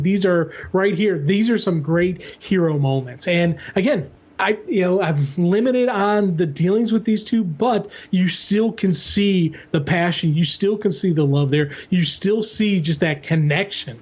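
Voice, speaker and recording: Podcast co-host, man, high voice, enthusiastic, restarts a lot, dull lo-fi sound. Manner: enthusiastic, quick, many restarts. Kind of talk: casual comics discussion.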